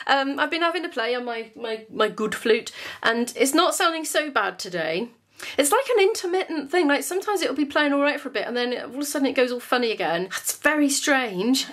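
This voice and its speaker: Indoors at home, a woman chats to camera for her vlog, rambling and getting emotional. Her voice is on the high side and a bit bright, recorded in an echoey room.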